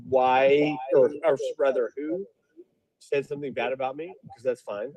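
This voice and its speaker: A man's voice: medium pitch, unhurried, a little hiss or hum, low-quality recording. A man talking casually on a livestream as a guest, from outside a store, hedging with many fillers. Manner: animated, hedging, lots of fillers. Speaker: guest streamer.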